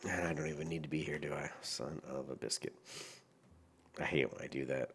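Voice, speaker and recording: A man's voice: extremely low pitch, fairly quick, creaky, fairly bright tone, husky. A very tired man rambling through casual gameplay commentary, with lots of fillers and restarts. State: very tired, yawning.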